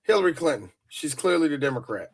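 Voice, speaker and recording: A man co-hosting a podcast, excitable in casual chat and repeating words as he restarts his sentences. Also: a little high, fast talker, gravelly, husky. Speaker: podcast co-host.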